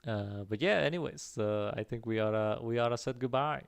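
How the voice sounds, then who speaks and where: A man hosting a casual stream chat, joking and laughing often, with halting restarts. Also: mid-range voice, vocal fry, smooth. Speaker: stream host.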